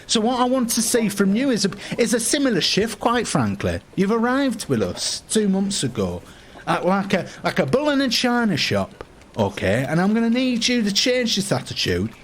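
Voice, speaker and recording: A man's voice: sits high, huge pitch swings, moderate pace, slight background noise. A British man improvising a fussy, pompous middle-aged office manager scolding a new employee. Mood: lecturing. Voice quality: pompous, prim, exasperated. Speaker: podcast co-host. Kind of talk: comedy improv.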